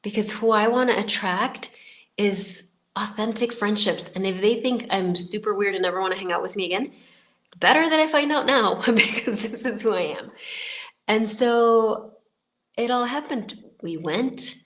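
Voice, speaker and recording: A woman's voice: mid-range voice, moderate pace, fairly bright tone. A woman in her fifties hosting a podcast, telling a personal story in a casual, rambling way full of filler words and restarts. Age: 50s. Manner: chatty and rambling, many filler likes and restarts. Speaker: podcast host.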